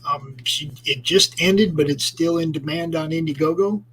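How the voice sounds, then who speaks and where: A man's voice: fairly high pitch, moderate pace, a bit bright. A man casually and enthusiastically plugging a project during an online game chat. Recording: noisy stream audio.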